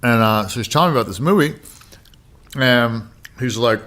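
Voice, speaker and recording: A man's voice: medium pitch, normal speed, long pauses, a bit bright. A man in his thirties telling a rambling, profane story as a podcast guest, full of "like" and "you know". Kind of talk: casual storytelling.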